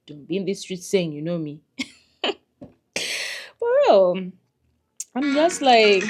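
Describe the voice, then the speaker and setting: A woman's voice: on the low side, animated, measured pace. A young woman, chatting frankly to camera in a casual life-update vlog, laughing often and swinging from murmurs to squeals. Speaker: vlogger.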